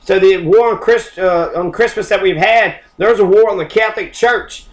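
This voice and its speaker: A man's voice: sits high, normal speed, poor audio. A man ranting in a profane, mocking, combative monologue as a podcast host. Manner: heavy swearing, mocking and combative.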